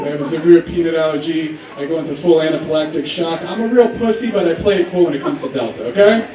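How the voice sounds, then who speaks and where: A high-voiced young man works a comedy club stage, telling brash, profane stories at his own expense. He is picked up from a distance in a roomy club, with the audience laughing loud around him. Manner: brash, profane, self-mocking storytelling. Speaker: stand-up comedian. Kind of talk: stand-up routine.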